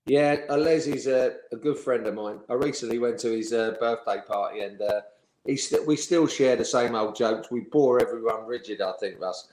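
Chatty ex-footballer telling stories, echoey. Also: male voice, mid-range voice, normal speed, a little mellow. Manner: chatty storyteller, laughs while telling. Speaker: former professional footballer, interviewee. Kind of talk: anecdotal interview chat. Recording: roomy echo.

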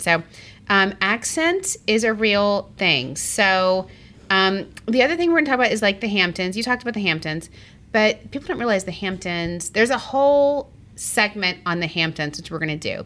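A woman from Arizona co-hosting a casual podcast, talking quickly and bubbly, with lots of "like" and laughter. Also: mid-range voice, lively intonation, fairly bright tone. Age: adult parent. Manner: quick, chatty and bubbly, with many likes and laughs. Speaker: podcast co-host. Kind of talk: casual chat.

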